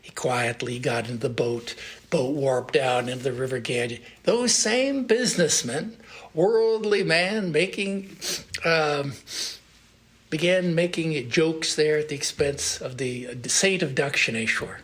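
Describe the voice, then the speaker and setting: A man with a somewhat high voice delivers a Sunday lecture on spiritual life. He tells a teaching story at an easy pace and pauses to search for the right word. The talk is given in a monastery hall. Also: a bit bright. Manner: unhurried, searching for words as he recounts a story. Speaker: monk giving a Sunday lecture.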